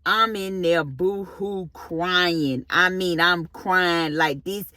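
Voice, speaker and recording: A woman vlogger telling a personal story in a casual, animated, expressive way, using relaxed slang. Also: fairly low pitch, slow, no room sound. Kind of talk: storytime monologue.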